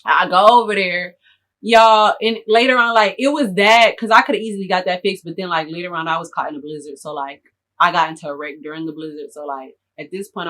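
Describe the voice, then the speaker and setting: A young adult woman telling a storytime to her viewers in animated, slangy casual chat. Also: low voice. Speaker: storytime vlogger.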